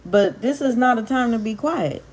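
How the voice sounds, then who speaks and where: A Compton, California Bible teacher vlogger with a voice on the high side speaks at a moderate pace with lively intonation and a slightly mellow quality. Her casual, impassioned talk to camera features street slang, punchy exclamations, and words stressed and stretched for emphasis.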